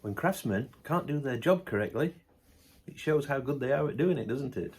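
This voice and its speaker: A man's voice: mid-range voice, expressive, moderate pace, darkish tone, husky. A middle-aged man, chatting casually to camera, ranting bluntly, then laughing it off with good humour. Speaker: vlogger.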